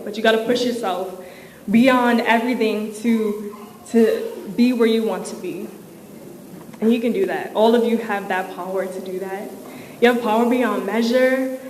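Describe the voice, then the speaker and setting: A young woman giving an inspirational, faith-filled commencement speech, casual and emotional, with many fillers. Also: a little high. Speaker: commencement speaker. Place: large hall at a ceremony. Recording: echoey hall with crowd noise.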